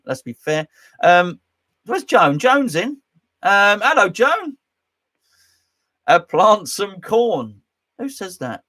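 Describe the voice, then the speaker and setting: Guy chatting on a live stream from his man cave, rambly and jokey, bit of a high voice. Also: fairly bright tone. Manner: rambling, jokey, reads chat aloud. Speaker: host. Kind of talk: casual live-stream chat.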